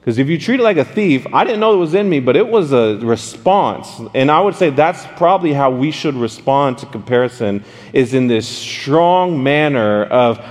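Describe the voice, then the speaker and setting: A man preaching in a relaxed, story-led way, his voice sitting at an ordinary middle pitch. He talks directly to the room, throwing questions out to his listeners. The sound trails off in the long reverb of a large hall. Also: moderate pace, few pauses. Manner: animated, addresses the audience directly with questions. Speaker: pastor. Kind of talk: conversational storytelling sermon.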